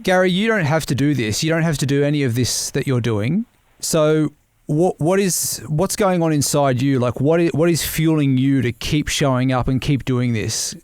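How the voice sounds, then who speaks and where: A man's voice: fairly high pitch, moderate pace, a little mellow, clear, resonant tone, dry recording, studio quality. A man hosting a podcast, asking his guest earnest, probing questions. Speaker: podcast host. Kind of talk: interview questions.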